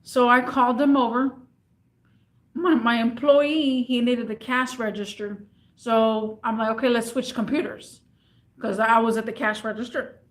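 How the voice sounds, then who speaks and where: A woman's voice: a little high, a little slow. A woman who works in retail telling a story in a casual vlog, rambling and repeating herself as she acts it out. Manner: rambling and repetitive, animated retelling. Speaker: retail worker.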